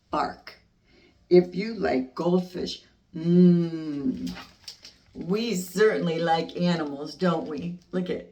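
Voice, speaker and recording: Older woman as a grandmother reading to a baby: unhurried and gentle, sing-song, set back from the mic. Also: on the low side, recorded from a distance. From United States. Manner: slow, gentle, sing-song storytime voice with asides. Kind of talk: reading a picture book to a baby.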